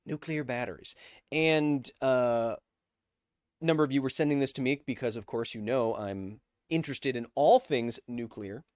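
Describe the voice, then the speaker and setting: A man's voice: medium pitch, normal speed, darkish tone, no room sound, studio quality. A man hosting a casual livestream, reading out viewer donations and answering them with playful, self-mocking jokes.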